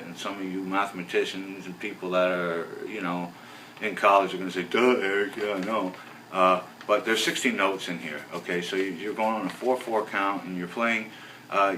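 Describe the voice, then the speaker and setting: A man teaching a bass lesson in a relaxed, rambling way, counting beats aloud as he explains. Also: a little hiss or hum. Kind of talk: casual video lesson. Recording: roomy, voice from a distance off the mic.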